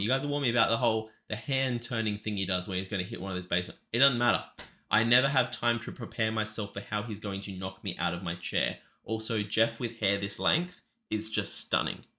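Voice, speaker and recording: Bright-voiced, gushing reaction host man. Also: lowish voice. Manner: gushing, enthusiastic, chatty with fillers. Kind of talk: casual reaction commentary.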